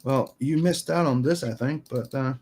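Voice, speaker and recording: A man's voice: mid-range voice, normal speed, a little mellow, husky. A man from Canada co-hosting a live stream, talking loosely and swearing freely, with lots of filler phrases. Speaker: streamer co-host. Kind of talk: casual live-stream chat.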